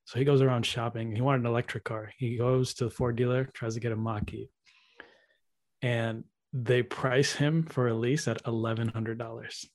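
A man chatting casually, relaxed, telling a story about a friend and saying dude. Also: mid-range voice, moderate pace. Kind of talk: casual chat.

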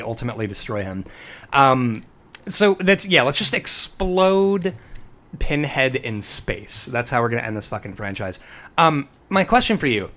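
A man co-hosting a podcast, chatting casually about horror movies, animated and profane with jokey asides. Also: medium pitch. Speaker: podcast co-host.

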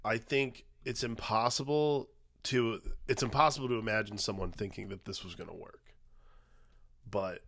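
Lower-voiced man making an emphatic point. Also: normal speed, gravelly, fairly bright tone. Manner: emphatic, repeats himself, profane. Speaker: podcast co-host. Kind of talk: casual movie-review chat.

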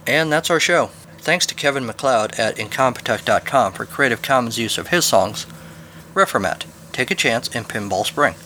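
A man's voice: mid-range voice, pushed and bright, a little hiss or hum. A man hosting a podcast, reading a scripted spooky story and outro with a dry, wry delivery.

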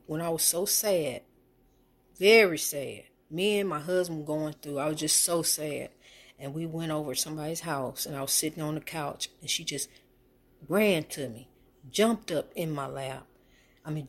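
A middle-aged woman, telling a heartfelt personal story in a faith vlog, emotional and repetitive, sometimes preachy. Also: low voice. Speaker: faith vlogger.

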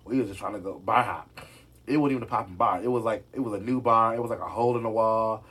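A man's voice: on the low side, fast talker, a bit bright, slightly rough. A man chatting casually to his viewers about celebrity gossip, sassy and direct, often calling them "y'all". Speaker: gossip vlogger.

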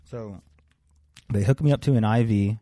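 A young man with a fairly low voice tells a rambling story, swearing often and acting out the people he met. The sound is close and dry, with no room echo. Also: normal speed. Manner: profane, animated storyteller acting out dialogue. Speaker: podcast co-host. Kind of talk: casual podcast chat, telling a story.

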